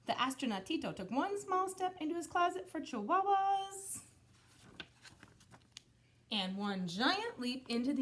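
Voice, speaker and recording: A woman teacher reading a picture book aloud to children, expressive, pausing to explain words. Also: a little high.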